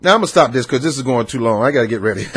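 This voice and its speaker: Ranting about politics, a Southern U.S. man repeats himself emphatically and argues back at his subjects. He speaks very fast in a husky, mid-range voice with lively intonation.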